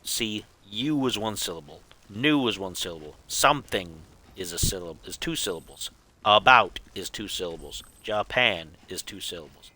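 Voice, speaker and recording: A man's voice: low-pitched, lively intonation, normal speed, bright, forceful tone. A man streaming a game, chatting casually in a goofy, rambling way and chuckling at his own jokes. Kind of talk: casual live gameplay chat.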